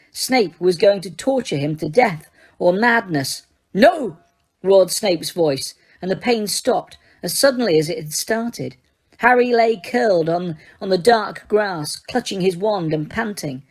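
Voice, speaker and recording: A woman reading a fantasy novel aloud as an audiobook, in steady, dramatic storytelling. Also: medium pitch. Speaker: audiobook reader. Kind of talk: audiobook narration.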